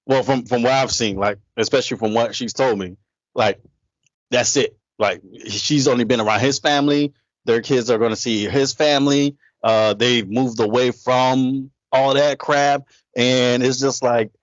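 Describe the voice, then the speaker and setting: A man's voice: medium pitch, dry recording. A man chatting casually as a podcast co-host, retelling stories with emphatic repetition. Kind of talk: casual chat. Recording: dry, dull lo-fi audio.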